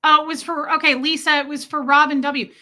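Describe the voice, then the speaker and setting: A chatty, joking American woman in her forties greets viewers on her live stream. Her voice is bright and sits a little high. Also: level tone, fairly quick. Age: 40s. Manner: chatty, sarcastic, jokey. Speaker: livestream host. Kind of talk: casual live-stream chat reading viewer comments.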